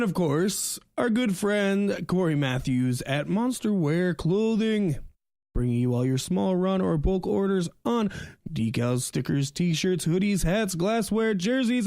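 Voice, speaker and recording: A man's voice: sits high, no echo, clean studio sound. A man co-hosting a podcast, joking around in casual chat and reading sponsor spots. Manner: animated, joking banter. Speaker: podcast co-host.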